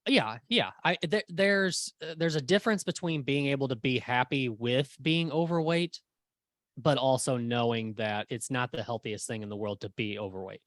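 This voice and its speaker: A man's voice: medium pitch, normal speed, a bit bright. A man co-hosting a podcast in casual chat, mostly agreeing with short replies and now and then pushing back with questions. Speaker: podcast co-host.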